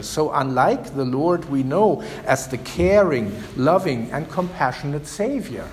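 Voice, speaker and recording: Male pastor, sermon, slow deliberate delivery, rhetorical questions, church reverb. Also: fairly high pitch. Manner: rhetorical questions, dramatic pauses.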